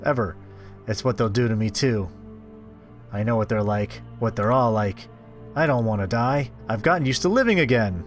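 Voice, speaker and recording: Expressive male game streamer. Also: mid-range voice, faint music behind. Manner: expressive, quick asides between read text. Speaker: streamer playing a visual novel. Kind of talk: reading a game aloud with commentary.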